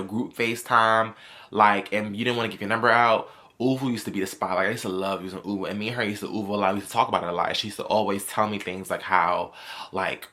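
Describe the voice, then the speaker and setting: New guy doing storytime commentary, kinda low but bright and punchy, keeps repeating himself. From New York. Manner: chatty, repetitive, animated storytelling. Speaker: commentary vlogger.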